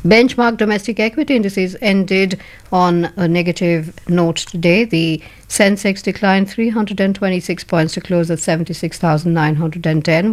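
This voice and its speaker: A woman newsreader, reading a news bulletin in a formal, measured way. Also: on the low side.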